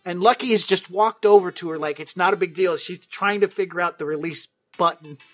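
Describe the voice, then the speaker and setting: A man's voice: high-pitched, a little fast, fairly bright tone, faint music behind. A man running a tabletop game as game master, narrating with a playful, wry manner. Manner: playful and wry, breaks into laughter.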